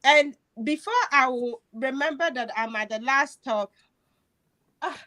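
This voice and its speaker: A woman's voice: sits high, moderate pace, bright, forceful tone. A woman telling a personal story in casual chat, emotional and laughing as she goes, with many restarts. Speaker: host.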